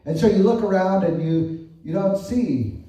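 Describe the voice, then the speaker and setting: A man's voice: high-pitched, a little slow, dark tone. A man preaching a sermon in a conversational way, asking rhetorical questions and often adding "right?". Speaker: pastor. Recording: echoey distant room sound.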